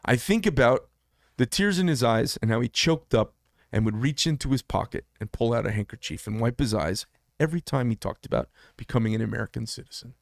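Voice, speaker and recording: A man in his fifties hosts a solo commentary show in a middle-pitched voice. He talks with passion and emphasis and often repeats himself to drive a point home. The recording is dry and close, with no room sound. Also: expressive, fairly quick, gravelly, no room sound. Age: 50s. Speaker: podcast host.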